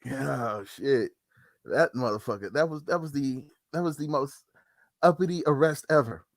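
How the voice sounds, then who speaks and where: Man, gravelly, lively pitch, laughing a lot, dry close mic, podcast banter. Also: normal speed, no echo. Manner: laughs often, short agreeing replies. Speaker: podcast co-host. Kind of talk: casual comedic chat.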